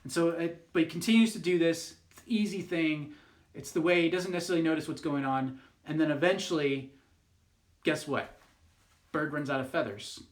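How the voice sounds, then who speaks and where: Casual youth pastor telling a story. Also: male voice, fairly high pitch, steady tone, moderate pace, roomy sound. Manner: casual, rambling storytelling with many fillers and restarts. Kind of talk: youth group devotional talk.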